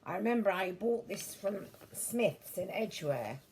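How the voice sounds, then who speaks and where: Showing her books in a casual, rambling way, a middle-aged woman speaks with an expressive, unhurried, somewhat mellow mid-range voice. Her meandering talk is a bit prim, full of self-corrections and formal phrases, with a little hiss or hum present.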